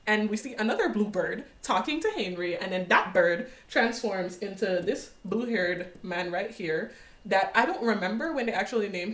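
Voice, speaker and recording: A young woman casually recapping a series, sassy and animated, with slang and quick asides. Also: mid-range voice, reverberant. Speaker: recap vlogger.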